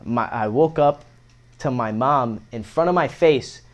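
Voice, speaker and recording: Speaking a little slowly at a medium pitch, this guy in his twenties rambles through stories in a relaxed conversation. His speech is slangy and packed with profanity, peppered with "bro" and "like."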